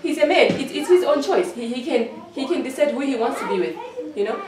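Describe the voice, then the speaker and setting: A woman with a high-pitched, very animated voice talks a little fast in an emotional interview, sounding hurt and accusatory and repeating herself. The recording is echoey with a distant mic and a noisy background.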